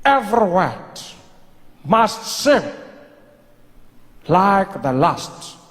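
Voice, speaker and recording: A man voicing a grave old statesman who speaks slowly and deliberately, with weighty pauses. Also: high-pitched, big pitch swings, fairly bright tone, big-room sound, exaggerated voice. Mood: solemn. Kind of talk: stand-up character voice.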